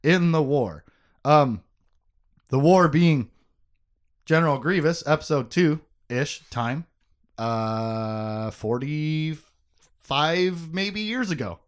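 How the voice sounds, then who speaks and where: Animated man joking through a book recap. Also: fairly high pitch, clear, resonant tone. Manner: animated, joking, quick asides. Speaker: podcast host. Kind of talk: casual book discussion.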